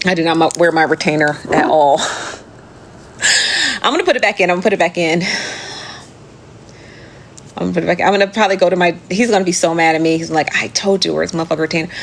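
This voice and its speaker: Low-voiced woman, chatty and profane. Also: a little hiss or hum. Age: adult. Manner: chatty, profane, laughs often, talks straight to viewers as "friend". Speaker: live show host reading viewer comments. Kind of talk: casual chat.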